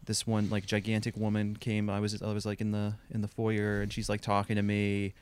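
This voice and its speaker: A man's voice: on the low side, completely flat delivery, fairly quick, darkish tone, clean tone, dry recording. A man co-hosting a podcast, telling a long wry anecdote in a casual, rambling way, full of "like" and restarts. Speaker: podcast co-host.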